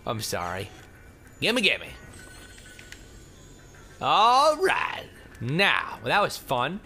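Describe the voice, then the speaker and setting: Goofy, lively young man narrating a game. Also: medium pitch, measured pace, gravelly, husky, faint music behind. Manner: goofy, rambling, jokes at himself, sudden mock screams. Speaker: let's play commentator. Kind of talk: gameplay commentary.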